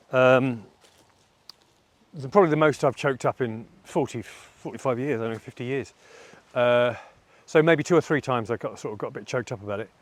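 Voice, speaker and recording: A middle-aged man talks through a personal vlog monologue in a candid, self-reflective way. His delivery is halting, and his voice sits at an ordinary middle pitch. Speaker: vlogger.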